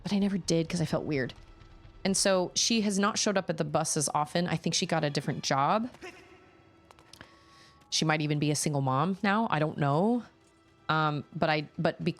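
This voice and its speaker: A woman in her thirties, a streamer casually telling a long story while playing a game, rambling and self-conscious with many restarts. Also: deep voice.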